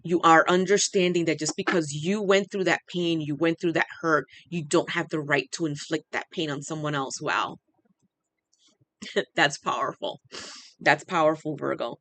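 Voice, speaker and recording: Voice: medium pitch, normal speed, a bit bright. A tarot reader giving an unscripted channeled reading, earnest and repetitive, often stopping in awe and saying they are overwhelmed.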